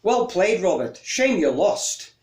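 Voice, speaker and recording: Man doing a cheery scottish radio quiz host, bad put-on scottish accent, raised slightly high voice. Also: big pitch swings, slow, roomy sound, full character voice. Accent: Scottish, put on badly.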